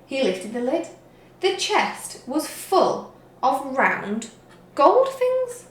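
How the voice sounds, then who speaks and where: A woman teacher reads a picture-book story to young children. Her voice rises and falls expressively, and she takes it slowly. The recording has a roomy echo. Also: high voice. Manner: slow, expressive read-aloud. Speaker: reception teacher.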